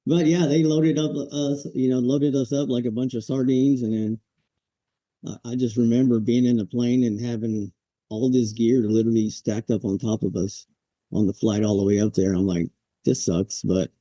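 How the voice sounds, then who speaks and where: A man in his forties with a very dark, mellow voice tells war stories in a relaxed, chuckling way. He slips into the barking voices of old drill instructors as he goes. The sound is dry and close, with no room around it. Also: medium pitch, moderate pace, no echo. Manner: laid-back, chuckles, acts out quoted drill instructors. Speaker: podcast guest, Marine veteran. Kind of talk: casual storytelling interview.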